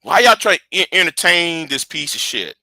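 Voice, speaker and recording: Early-40s man, home livestream host. Rambling, repeats himself, slangy, bright tone, dry close sound. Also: on the high side, sing-song, moderate pace, no room sound. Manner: rambling, repeats words, talks to chat. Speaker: channel host. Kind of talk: casual livestream chat with viewers.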